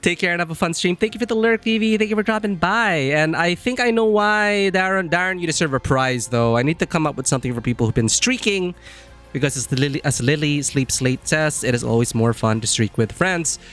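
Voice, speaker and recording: A man's voice: fairly high pitch, a little fast, fairly bright tone, soft background music. A man chatting casually on a live stream, rambling and friendly as he greets viewers.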